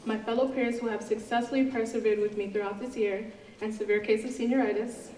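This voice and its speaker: A teenage woman reads her class president speech with earnest, slightly nervous care. Her voice is a touch high and mellow. It echoes through a large hall, picked up from far off with faint background noise. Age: teens. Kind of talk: graduation speech. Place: large auditorium.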